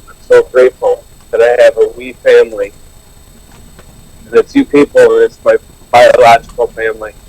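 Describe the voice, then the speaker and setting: At an online support meeting, a man earnestly shares his personal recovery story, restarting many times. His mid-range voice has a darkish tone, and the audio quality is poor.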